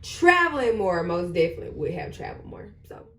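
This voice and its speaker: A woman's voice: on the low side, very animated, a little fast, a bit bright, a little hiss or hum. Emphatic woman in her thirties, echoey room. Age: 30s. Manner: emphatic, repeats points for stress. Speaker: vlogger. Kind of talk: casual advice chat while getting ready.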